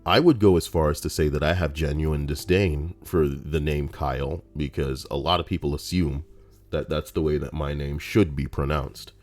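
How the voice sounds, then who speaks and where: A man reading out Reddit posts on a livestream, rambling and profane in a casual, animated way. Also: extremely low pitch, moderate pace, soft background music.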